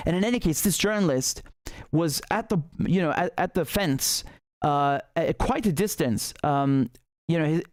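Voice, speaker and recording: A man's voice: a little high, lively intonation, moderate pace, few pauses, no room sound, clean studio sound. A male host giving heated, emphatic political commentary on a livestream, often restarting his sentences.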